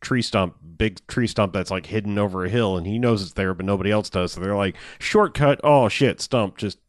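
Laid-back low-voiced guy riffing on a movie. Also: steady tone, fast, no echo, studio quality. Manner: loose, profane, laughing retellings of scenes. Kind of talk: casual movie review chat.

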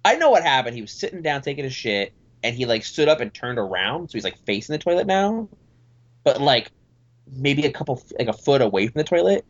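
Rambling and animated, a man appearing as a podcast guest recounts a long tale from his childhood, putting on the voices of the people in it during casual chat. He talks a little fast at a medium pitch, on a muffled recording.

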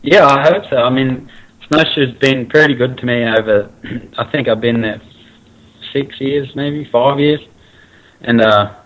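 A man with an Australian accent, a guest in a casual interview, talking in a relaxed way with many fillers and restarts. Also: medium pitch, measured pace, low-quality recording. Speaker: guest, racer.

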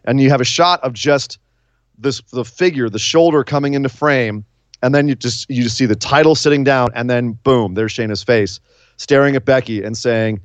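A man co-hosting a casual wrestling podcast, excitable and jokey, laughing often. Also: medium pitch, normal speed, no room sound, lo-fi sound. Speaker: podcast co-host.

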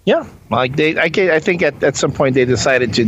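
A man's voice: fairly high pitch, expressive, brisk, fairly bright tone, muffled recording, a little hiss or hum. A man in casual chat about TV, wry and rambling, with some fillers.

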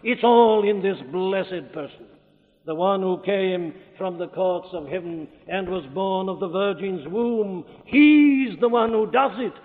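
Welsh-accented male preacher, high-pitched and fervent, old tinny recording with long hall echo. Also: unhurried. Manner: fervent, rising to loud declamation. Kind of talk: sermon.

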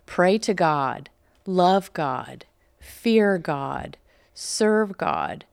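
Smooth, low-voiced female co-host. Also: animated, no room sound, studio quality. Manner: slow, emphatic reading of a list. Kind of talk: studio talk show discussion.

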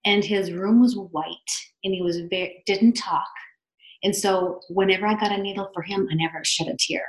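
A woman's voice: medium pitch, normal speed. Guest, woman, 50s, chatty storyteller, echoey room. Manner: chatty, animated, acts out quotes. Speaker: podcast guest. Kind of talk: casual storytelling.

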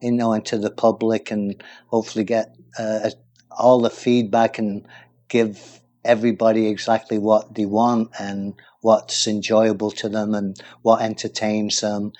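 A man's voice: lowish voice, little pitch movement, measured pace, a little mellow. A man from England co-hosting a casual music chat show, talking in a rambling, enthusiastic way. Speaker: radio show co-host.

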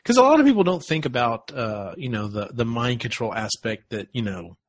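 A relaxed man chatting on a podcast, hesitating often. His pitch moves in a lively way and his voice is a little husky. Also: fairly quick. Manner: relaxed, hesitant, many fillers. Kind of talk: casual chat.

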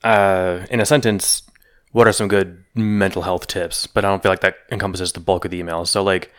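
A man's voice: low voice, little pitch movement, fairly quick, a bit bright. A man co-hosting a podcast, talking loosely in casual chat, often trailing off and restarting his thoughts. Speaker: podcast co-host. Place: Colorado.

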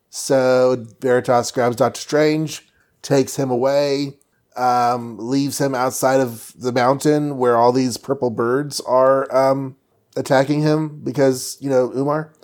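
A man's voice: mid-range voice, flat delivery, darkish tone. A man chatting casually on a podcast, walking through a comic book story. He keeps it jokey and breezy and slips into goofy voices for a moment. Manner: jokey, does quick silly voices for characters. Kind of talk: casual chat, retelling a comic plot.

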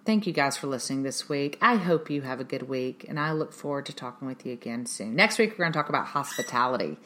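A woman's voice: extremely low pitch, fast. A middle-aged woman hosting a parenting podcast, talking earnestly and emphatically, often acting out what she says to her kids. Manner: earnest, emphatic, animated with quoted asides. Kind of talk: solo podcast talk.

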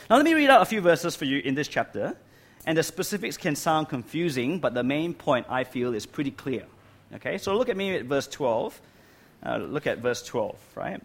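A man's voice: on the high side, sing-song, a little fast. Male preacher, church hall with aircon, explanatory sermon, leans on key words. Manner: stresses key words, asks "right?" often. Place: church hall with air conditioning.

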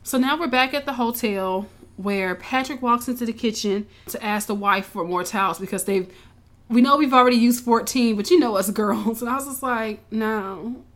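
Animated woman, cursing and chatty. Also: a little high, moderate pace. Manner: animated, swears freely, acts out characters' lines. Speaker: podcast co-host recapping a show. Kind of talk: casual storytelling recap.

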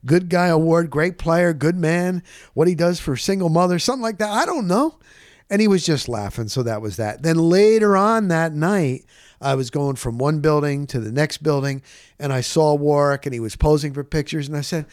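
Middle-aged guy telling sports stories on a podcast, lively voice all over the place, dry close sound. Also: moderate pace, no echo. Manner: animated storyteller, acts out quotes with big pitch jumps. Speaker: podcast host, sports reporter. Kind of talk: storytelling on a podcast.

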